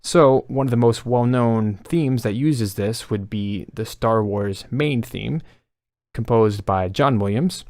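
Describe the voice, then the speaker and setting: A man explaining melody writing techniques in a calm, instructional way, counting beats aloud. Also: mid-range voice, slow. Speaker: music composition teacher.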